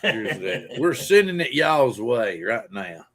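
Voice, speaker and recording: A man's voice: medium pitch, sing-song, slow pace. A man hosting a casual live stream, rambling loosely and greeting viewers by name. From Pacific Northwest. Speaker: livestream host.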